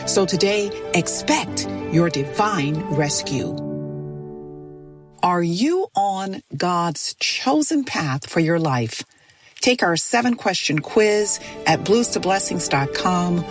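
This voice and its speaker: A woman reading a scripted devotional in a slow, soothing, measured way. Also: on the low side, animated, distant mic, over music. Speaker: devotional segment narrator.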